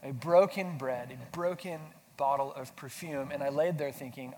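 A pastor with a medium-pitched, slightly mellow voice preaches a sermon at a moderate pace while sick with the flu. He's conversational, pokes fun at himself, and asks the congregation questions, with long hall reverb and faint noise in the recording.

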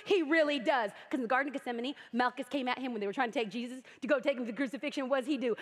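Animated young woman preaching in a hall. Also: high-pitched, fast. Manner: animated storytelling, acting out voices. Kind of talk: sermon.

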